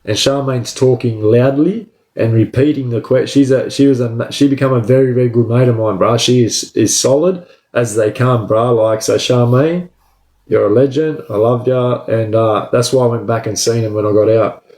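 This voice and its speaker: A man's voice: medium pitch, moderate pace. A man telling a story from his own life, casual and profane, tagging lines with "bro" and "right?". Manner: profane, animated, says "bro" and "right?" constantly. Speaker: storyteller recounting his prison escape. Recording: roomy echo.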